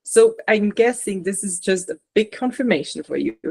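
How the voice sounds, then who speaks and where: Soft-spoken woman channeling messages. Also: mid-range voice, animated, normal speed, creaky, husky. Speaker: spiritual channeler. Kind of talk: relaying messages in a live session.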